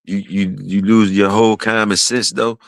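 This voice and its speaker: A man on a livestream, rambling in casual chat with profanity, often laughing and quoting others with animated, raised delivery. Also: lowish voice, normal speed, creaky, no echo, rough recording. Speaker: streamer host.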